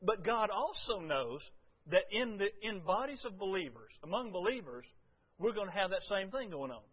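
A man preaching a folksy, storytelling sermon to his congregation, swinging from loud to hushed. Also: sits high, big pitch swings, normal speed, slightly rough, dull audio. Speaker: pastor.

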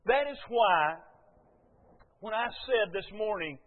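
An older man, preaching a folksy, storytelling sermon to his church with many short pauses and fillers. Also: high voice, animated. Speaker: pastor. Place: church sanctuary. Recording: phone-like sound with long hall reverb.

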